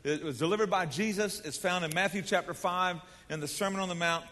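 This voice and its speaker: A middle-aged pastor preaches fairly quickly in a high-pitched, bright, forceful voice, folksy and emphatic as he draws his congregation into call-and-response. The big sanctuary leaves a long hall reverb.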